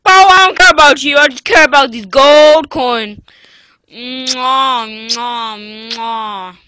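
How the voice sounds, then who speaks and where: A woman playing a greedy, excitable young boy who calls people fool and noisily kisses his gold coins in a homemade puppet comedy. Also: sits high, slow pace, clear, resonant tone, no room sound, heavily acted.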